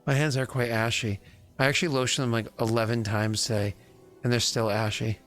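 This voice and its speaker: A man running a live tabletop game stream, his voice hoarse and worn from singing. He chats in a loose, rambling way and pokes fun at himself, at an ordinary middle pitch. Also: level tone, brisk, fairly bright tone, soft background music. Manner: rambling, chatty, self-deprecating. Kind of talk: casual chat on a live stream.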